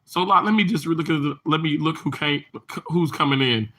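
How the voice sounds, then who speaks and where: A man's voice: a little high, normal speed, sharp tone. A man hosting a casual livestream, talking in long rambling stretches and greeting viewers by name as he reads their comments. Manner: rambling and chatty, with many restarts and fillers. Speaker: livestream host reading chat. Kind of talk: casual live chat.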